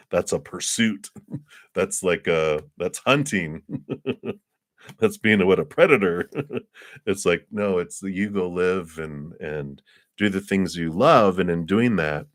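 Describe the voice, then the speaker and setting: A man reads tarot cards live in a low-pitched voice, speaking slowly and pausing often. He's casual and chatty, laughs frequently, and acts out little scenes in quoted voices, recorded dry at studio quality.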